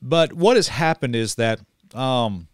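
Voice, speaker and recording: A man's voice: medium pitch, expressive, a little slow, clear, resonant tone, no echo, studio quality. A man giving casual, blunt commentary in a folksy way, full of restarts and fillers. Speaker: online preacher and commentator. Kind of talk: casual commentary reading news aloud.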